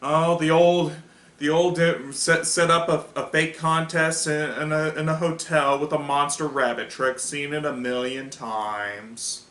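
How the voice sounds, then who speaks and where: A man's voice: on the high side, steady tone, unhurried, a bit bright. A man voicing a smug, unimpressed adult male magician, talking in a dismissive way. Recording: echoey room.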